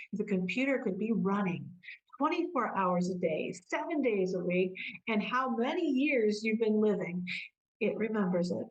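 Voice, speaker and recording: A woman's voice: medium pitch, recorded from a distance, rough recording. A woman coach giving a motivational self-help talk, explaining patiently and posing rhetorical questions to the listener. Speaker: coach who works with clients.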